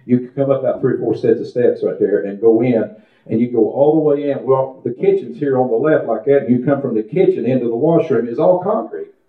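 A man preaching a testimony sermon in church, telling stories and praying aloud with fervor. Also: a little fast. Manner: fervent, prays aloud with rising pitch, folksy storytelling. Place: church service. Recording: echoey room over a tinny phone-like line.

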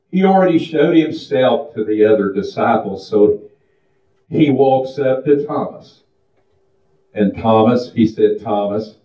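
A man preaching a sermon in a folksy style that builds into a fervent chant. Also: fairly low pitch. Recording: distant, echoey, muffled room recording.

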